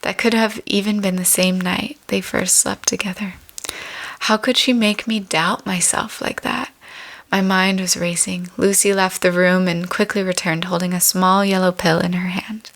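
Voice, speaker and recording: Low, flat-voiced woman reading her memoir. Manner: measured, reflective storytelling.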